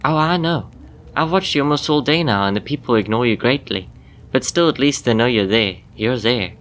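A man's voice: mid-range voice, animated, normal speed, a bit bright, a little hiss or hum, close to an everyday voice. A man voicing a tall, shadow-faced male creature in a top hat who whispers and echoes the ends of his own sentences. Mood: whispery.

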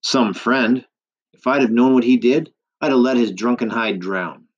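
A man's voice: mid-range voice, steady tone, normal speed, natural voice. A man voicing a bitter, grieving man who speaks curtly and resentfully, in a dull lo-fi recording. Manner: curt, resentful.

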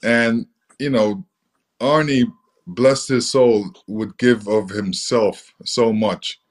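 A man from England, a guest in an interview, telling stories from his youth in a relaxed, easygoing way with lots of "you know.". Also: medium pitch, slow pace. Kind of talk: relaxed storytelling.

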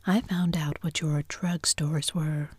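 Whispered role-play: calm earnest gentleman, whispered by a woman, husky low hush. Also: slow, dry recording, exaggerated voice. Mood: steady. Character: earnest, composed wealthy young man.

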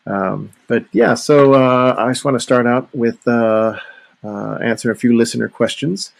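A man's voice: medium pitch, fairly even intonation, unhurried, gravelly. A man hosting a casual solo podcast, talking in a rambling way with frequent restarts. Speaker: podcast host.

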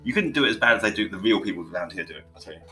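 A man's voice: fairly low pitch, animated, over music. A man from England hosting a casual podcast chat, teasing and repeating himself as he talks. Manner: quick, repetitive, teasing. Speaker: podcast host.

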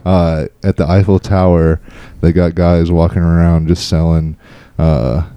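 A man's voice: low-pitched, little pitch movement, a little slow, dark tone, clear, resonant tone, no echo. A man co-hosting a podcast in casual chat, laid-back, with lots of "like" and easy laughs. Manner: laid-back, says "like" a lot, laughs often. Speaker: podcast co-host.

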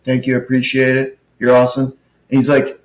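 A man's voice: medium pitch, monotone, moderate pace, roomy sound, poor audio. A man hosting a podcast, telling a profane story with lots of acted-out dialogue. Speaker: podcast co-host, comedy show producer. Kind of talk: casual storytelling rant.

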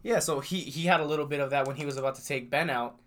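A man's voice: on the high side, fast talker, a bit bright. A young man hosting a podcast, chatting casually in a loose, rambling way. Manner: laid-back, rambling fan talk. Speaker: podcast host. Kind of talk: casual chat.

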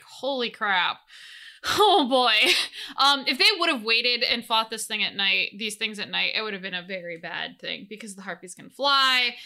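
A woman's voice: on the high side, sharp tone. A woman game master chatting through a casual solo recap, rambling with many restarts and frequent laughs.

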